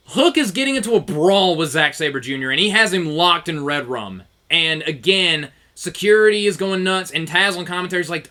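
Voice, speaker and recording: A man co-hosts a casual podcast, telling stories with plenty of energy and laughing often. His voice sits fairly high and bright, and his pitch swings freely as he talks. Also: normal speed. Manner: animated storyteller, laughs often. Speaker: podcast co-host. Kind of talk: casual chat.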